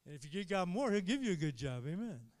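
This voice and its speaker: A man preaching a sermon to his congregation, animated, calling out for amens and swinging between quiet asides and shouted high points. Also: fast talker, dry recording. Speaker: pastor.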